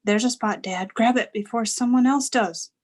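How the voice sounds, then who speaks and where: Woman doing an excited, eager little boy. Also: a little high, normal speed, voice pushed up, close to an everyday voice. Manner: bouncy, pleading, breathless.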